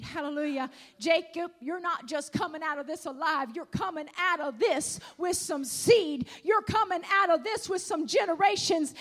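A woman preaching a sermon in a very high, piercing voice. She swings between shouted declarations and quiet, hushed readings of scripture, full of fervor. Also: moderate pace. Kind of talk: Pentecostal-style sermon.

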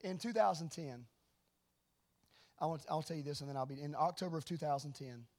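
A middle-aged male preacher with a high-pitched voice. He tells stories in a hushed tone and then rises into loud, animated declarations during his sermon. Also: a little fast. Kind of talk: sermon with storytelling.

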